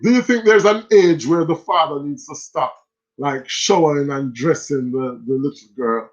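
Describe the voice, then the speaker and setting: Jamaican male stream host, high-pitched, animated patois chat, muffled lo-fi audio. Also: normal speed. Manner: animated, switches into patois, reads viewer messages aloud. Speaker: livestream host. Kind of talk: casual livestream chat reading comments.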